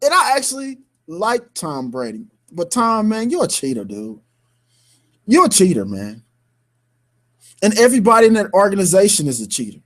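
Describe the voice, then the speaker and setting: A man's voice: sits high, huge pitch swings, normal speed, fairly bright tone. A man co-hosting a sports radio show, ranting heatedly in slang-filled talk with bursts of laughter.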